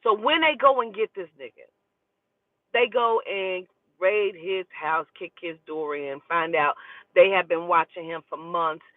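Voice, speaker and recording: A woman who does spiritual readings, telling a story in a casual, profane and animated way. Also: on the low side, measured pace, dry recording. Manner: profane, animated, talking to herself aloud. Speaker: spiritual reader. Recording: tinny phone-like dry audio.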